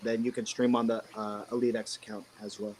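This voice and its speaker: A man's voice: on the low side, flat delivery, brisk, crowd noise. A man co-hosting a casual chat over a video call, rambling and joking. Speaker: co-host.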